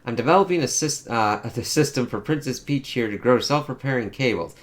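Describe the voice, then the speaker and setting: A man's voice: medium pitch, fairly quick, natural voice. A man reading aloud the lines of an eager young male mushroom scientist from a comic, chatty and proud.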